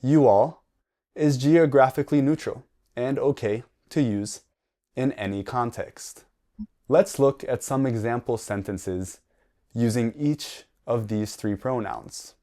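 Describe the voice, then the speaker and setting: A man delivers a scripted English lesson. He speaks very slowly and deliberately, spacing out each phrase for learners, at a mid-range pitch. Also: dark tone. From United States. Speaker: English teacher. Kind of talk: slow scripted lesson narration.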